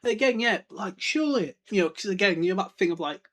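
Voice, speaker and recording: A man's voice: sits high, expressive, fast, fairly bright tone. A man hosting a podcast, chatting casually through a book chapter, laughing often and slipping into silly character voices. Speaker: podcast host. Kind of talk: casual book breakdown chat.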